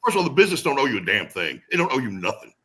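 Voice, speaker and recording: A man's voice: medium pitch, very fast, husky, rough recording. A middle-aged man being interviewed as a guest wrestler, telling stories with swearing and acted-out quotes. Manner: animated storyteller who acts out quotes, swears freely. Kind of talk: storytelling interview.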